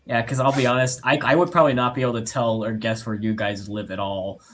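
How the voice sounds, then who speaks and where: A young man talking on a casual live stream, his voice sitting at an ordinary middle pitch. He rambles through his stories, restarting sentences as he goes. He laughs easily and often pokes fun at himself. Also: fairly even intonation, quick pace, a bit bright, slight background noise. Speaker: robotics team streamer. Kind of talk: casual livestream chat.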